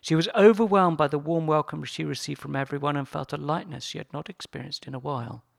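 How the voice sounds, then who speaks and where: A man presenting, reading a story aloud in a measured, earnest way. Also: a little high, gravelly, no echo, clean studio sound.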